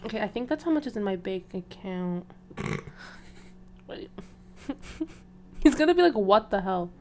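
A woman's voice: fairly high pitch, sing-song, measured pace, mellow, a little hiss or hum. A young woman co-hosting a podcast in casual chat, giggly and flustered, protesting with laughs. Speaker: podcast co-host.

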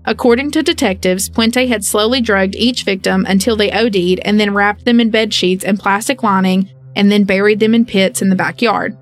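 A woman's voice: mid-range voice, steady tone, moderate pace, few pauses. A woman co-hosting a podcast, reading case details and then slipping into joking asides. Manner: reads case details, then jokes and acts out people with playful asides. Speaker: podcast co-host. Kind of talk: casual true-crime podcast storytelling.

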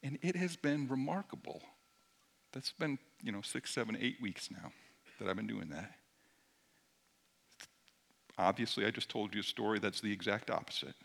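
Bright-voiced male pastor preaching. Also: on the low side, normal speed, creaky, long pauses. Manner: conversational, shifts between loud emphasis and hushed near-whisper. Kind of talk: sermon.

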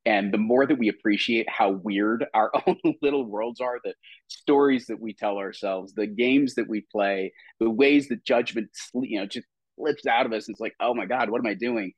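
A man's voice: lowish voice, normal speed, no room sound, muffled recording. A man who works as a personal coach, guest on a podcast, speaking reflectively and laughing easily. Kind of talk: conversational interview.

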